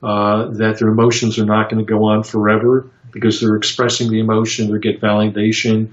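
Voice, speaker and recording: A man answering interview questions about psychotherapy in a halting, reflective way, with many fillers and restarts as he tells stories. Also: on the low side, completely flat delivery. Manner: reflective storytelling. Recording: roomy, dull lo-fi sound.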